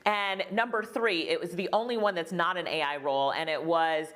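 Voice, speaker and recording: A woman's voice: fairly low pitch, fairly even intonation, fairly quick, a bit bright. A woman hosting an online business summit, chatting in an upbeat, affirming way with easy laughter. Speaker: host. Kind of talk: interview chat.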